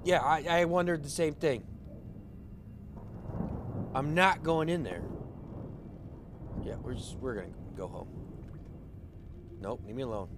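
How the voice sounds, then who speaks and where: A man's voice: mid-range voice, a little slow, pauses often, noisy background. A man streaming a horror game, panicky and frantic, swearing as he reacts. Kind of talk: live horror game commentary.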